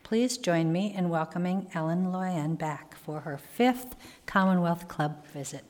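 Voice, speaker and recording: A woman's voice: on the low side, unhurried, background noise. A woman host formally reading a speaker's introduction at an event. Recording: reverberant hall.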